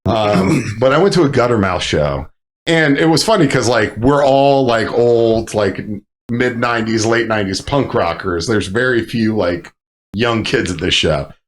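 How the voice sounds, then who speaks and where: A man, a Marine veteran, telling stories in casual chat, profane and animated with loud bursts. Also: mid-range voice, unhurried. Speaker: podcast guest, Marine veteran.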